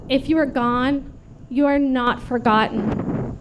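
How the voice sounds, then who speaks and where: A woman in her late thirties giving an earnest prepared memorial speech at a vigil, steady and read from a script. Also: high-pitched, takes it slowly, lo-fi sound, background noise. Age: late 30s. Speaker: vigil speaker.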